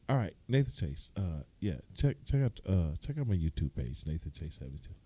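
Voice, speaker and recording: Very deep, dark-voiced rambling man. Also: sing-song, a little fast, few pauses, a little hiss or hum. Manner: rambling, self-mocking asides. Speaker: comedian signing off his video. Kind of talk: casual vlog outro.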